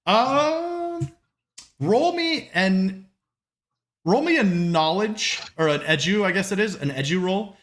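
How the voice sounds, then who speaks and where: A man's voice: high-pitched, expressive, takes it slowly, fairly bright tone. A man narrating a tabletop game as game master, casual and full of fillers.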